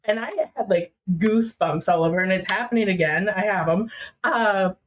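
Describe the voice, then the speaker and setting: A woman's voice: medium pitch, normal speed, a little hiss or hum, poor audio. A young woman from Minnesota telling a personal story as a podcast guest, acting out what family members said. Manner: animated, acting out family dialogue.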